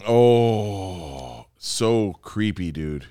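A man co-hosting a podcast, loud and laughing, swinging between shouts and low mutters in crude banter. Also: lively intonation, drawn-out words, no echo, clean studio sound. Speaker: podcast co-host.

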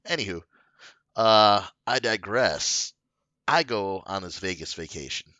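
A man's voice: on the low side, lively intonation, a little slow, pushed and bright, no echo, lo-fi sound. A man telling a long story in casual chat, rambling with lots of fillers and swearing. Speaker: podcast co-host telling a story.

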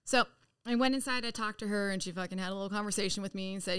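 A woman's voice: medium pitch, rapid-fire, clean tone. A woman guest on a podcast telling her story in casual, profane speech, acting out quoted lines. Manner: animated, profane, acts out quotes.

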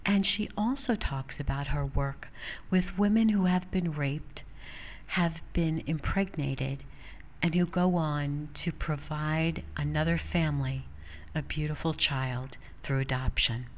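A woman podcast host reading a calm, measured closing announcement. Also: sits low, muffled recording. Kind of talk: scripted episode outro.

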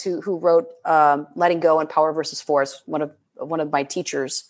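Expressive woman coach, animated and laughing. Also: on the low side. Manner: expressive and animated, quick to laugh, frequent restarts. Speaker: transformational leadership coach. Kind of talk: casual podcast conversation.

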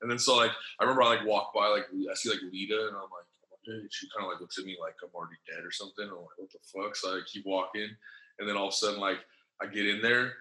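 A man's voice: on the low side, fairly even intonation, quick pace, pushed and bright, reverberant, rough recording. A man telling a long story in casual, slangy, profane speech, full of fillers and acted-out lines of other people. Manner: acts out other people's lines in changed voices.

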